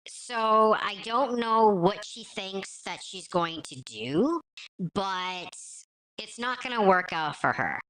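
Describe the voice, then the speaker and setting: A woman talks over clips in a blunt, scornful commentary. Her voice is bright and forceful. She sounds matter-of-fact and unimpressed. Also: medium pitch, lively intonation, takes it slowly, poor audio. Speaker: reaction commentator.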